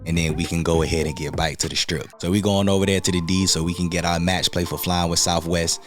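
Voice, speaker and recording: Guy from north carolina telling a story, kinda low voice, slangy, soft music behind. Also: fast talker. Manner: animated, slangy, acts out other people's lines. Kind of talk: casual storytelling vlog.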